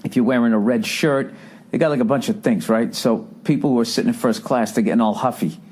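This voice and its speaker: A man's voice: medium pitch, steady tone, quick pace, darkish tone, husky. A middle-aged man hosting a podcast, telling stories in a profane, exasperated comedic rant. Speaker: podcast host.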